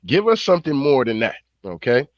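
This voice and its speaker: A man's voice: medium pitch, no echo. A man doing profane reaction commentary, slangy, rambling and fired-up. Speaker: online commentator.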